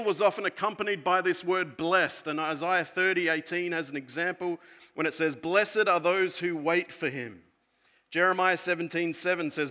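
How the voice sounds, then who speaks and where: A man preaching a sermon, earnest and deliberate, slowing down to stress key words. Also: sits high. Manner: earnest preaching, slows for emphasis, drops softer later. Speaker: pastor.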